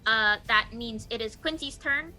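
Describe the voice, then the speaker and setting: A woman acting as dungeon master in a tabletop game, upbeat and quick with rulings. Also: fairly high pitch, pushed and bright, soft background music.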